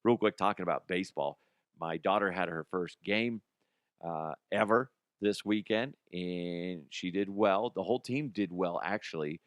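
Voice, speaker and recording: A man in his thirties or forties hosting a comedy news podcast, talking bluntly and profanely, swinging between heated rants and quiet asides. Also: deep voice, normal speed, no echo, studio quality. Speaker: podcast host. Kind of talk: casual comedic news commentary.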